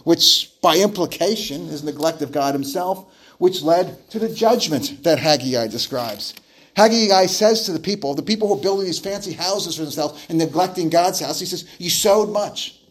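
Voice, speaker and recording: A man preaching an expository sermon, emphatic, asking rhetorical questions and often repeating and restarting his words. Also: high voice.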